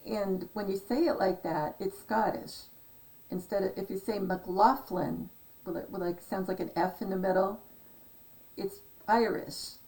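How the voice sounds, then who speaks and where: A woman talking in a chatty, excitable monologue, often trailing off with fillers as she explains her number decoding. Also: medium pitch, recorded from a distance, poor audio. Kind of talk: casual rambling monologue.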